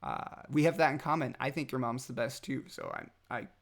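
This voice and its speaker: An animated, creaky, medium-pitched voice belongs to a father addressing his toddler son with heartfelt tenderness. He falters with frequent pauses and fillers, at moments dropping almost to a whisper.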